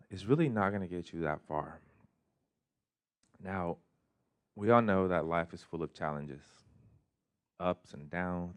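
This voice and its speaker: Male life coach, lowish voice, casual joking delivery to a workshop crowd. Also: darkish tone. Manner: joking, conversational, loose phrasing. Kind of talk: motivational talk to a live group. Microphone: handheld or stand mic.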